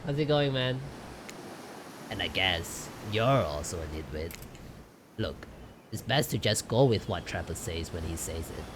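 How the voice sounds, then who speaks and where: A man's voice: low voice, expressive, unhurried, long pauses, background noise. A man streaming a game live, reading its text aloud and joking between lines. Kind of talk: live gameplay commentary and reading.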